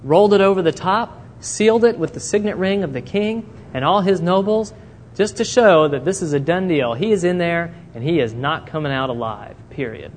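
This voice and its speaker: Speaking at a moderate pace in a slightly high voice, a man gives a sermon built around a Bible story, animatedly dramatizing what the characters say. The recording has faint noise and a long hall reverb.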